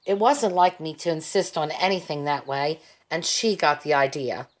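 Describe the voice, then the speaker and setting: Calm woman reading an audiobook. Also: low-pitched, normal speed. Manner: calm, steady storytelling. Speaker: audiobook reader. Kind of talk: audiobook narration.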